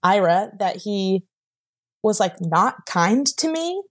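Here is a young woman on a podcast, sharing a hard personal story in a loose, rambling way that is full of fillers. Her voice is mid-pitched and sits at the usual height for a woman. Now and then she sounds close to tears. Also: sing-song, slow pace. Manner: emotional, rambling, many "like" fillers. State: near tears at times. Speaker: guest.

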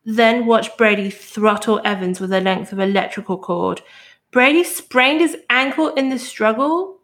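A woman hosting a true crime podcast, telling the story in a casual, animated way and swearing now and then. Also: a little high, a little slow.

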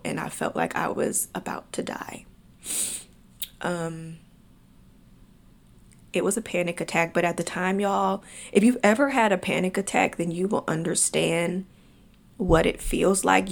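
Gravelly-voiced young woman telling a personal story. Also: fairly low pitch. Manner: emotional, chatty, addresses listeners as y'all. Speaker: podcast host.

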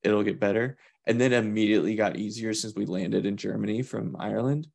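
A man's voice: fairly low pitch, steady tone, fairly quick, vocal fry, a little mellow. A man co-hosting a podcast in casual chat, thinking aloud in long winding asides. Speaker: podcast co-host.

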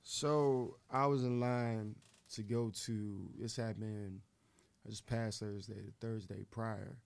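A man co-hosting a morning radio show, telling a story in a casual, animated way and acting out the voices of the people in it. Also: fairly low pitch, slow, vocal fry.

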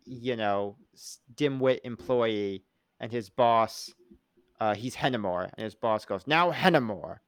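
A man co-hosting a casual podcast, rambling and joking, often slipping into loud comic impressions. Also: on the low side, fairly even intonation, slow, clean tone, no room sound. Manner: rambling, jokey, slips into loud comic voices. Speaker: podcast co-host. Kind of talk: casual chat reviewing a TV show.

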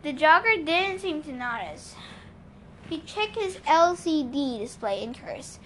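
A woman's voice: sits high, very animated, unhurried, a bit bright, a little hiss or hum. A woman reading a novel aloud in a plain storytelling manner. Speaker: audiobook reader.

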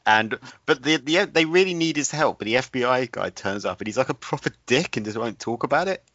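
A podcast co-host chats casually and jokingly about a film he watched, laughing often and voicing characters as he retells it. His medium-pitched voice is brisk, a bit bright, with lively intonation. The recording is dull, lo-fi and dry, with no room sound.

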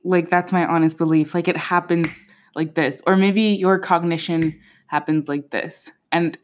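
Twenty-something woman on her podcast, kinda low voice, slangy and cheeky, lots of "like". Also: measured pace. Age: 20s. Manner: slangy, playful and profane, with many fillers; chatty and expressive, laughs often. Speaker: podcast host. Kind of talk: casual solo chat.

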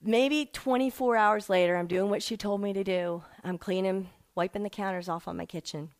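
A middle-aged woman telling her personal faith testimony in an emotional, animated way, acting out the people she quotes. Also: mid-range voice, normal speed. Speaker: speaker sharing a personal testimony.

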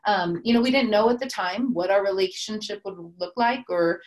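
Animated young woman telling her startup story, chatty, acts out the quotes. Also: mid-range voice, moderate pace. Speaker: startup co-founder. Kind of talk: casual storytelling chat.

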